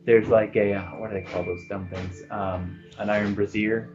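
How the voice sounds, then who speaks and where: A man narrating as game master of a tabletop game, animated and full of fillers. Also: lowish voice, moderate pace. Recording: dull lo-fi recording, faint music.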